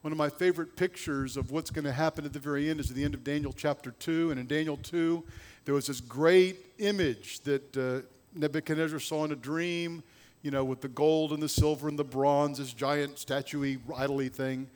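A man preaching a sermon, swinging between loud emphasis and low, hushed passages. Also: fairly even intonation, a little fast. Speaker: pastor.

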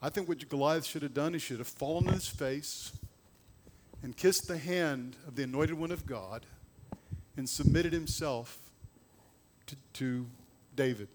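A man preaching a sermon, swinging between loud emphasis and low, hushed passages. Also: unhurried, pauses often, noisy background. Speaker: pastor.

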